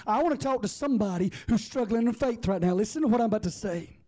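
Impassioned preacher, high mellow voice. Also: male voice, quick pace, hardly any pauses. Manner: impassioned, rhythmic repetition, Southern US dialect. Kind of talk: sermon.

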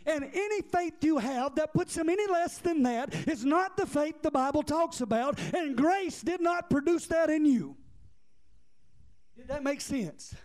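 A man with a strikingly high voice delivers a fervent sermon. He builds momentum through repetition, rising into shouts and pulling the congregation in with direct questions. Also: lively intonation, unhurried. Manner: impassioned, rhythmic repetition, bursts into shouting. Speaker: preacher.

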